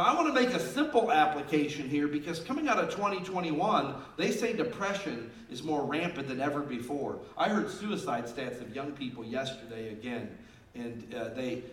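A man in his fifties preaching a sermon as pastor, swinging between loud emphasis and quiet asides. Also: fairly high pitch. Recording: roomy and distant with faint ambience.

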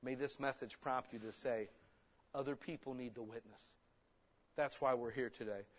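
A man preaching a sermon in a church, blunt and folksy, with sudden loud emphatic bursts. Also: medium pitch, fairly even intonation, moderate pace. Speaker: pastor. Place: church hall.

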